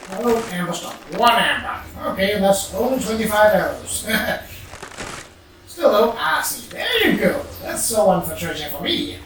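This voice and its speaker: A gamer talks their way through a dungeon at an unhurried, drawn-out pace, muttering thoughts aloud and humming between lines. The voice sits back from the mic in a very echoey room, with faint game ambience underneath. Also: mid-range voice, big pitch swings, a bit bright, recorded from a distance, slight background noise. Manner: musing, mutters to self, hums. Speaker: let's play gamer. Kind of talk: casual gameplay commentary.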